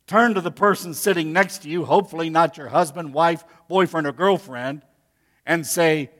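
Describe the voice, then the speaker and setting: A man's voice: on the high side, measured pace, fairly bright tone. A pastor preaching a sermon to his congregation, talking to them directly in a folksy way. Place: church sanctuary.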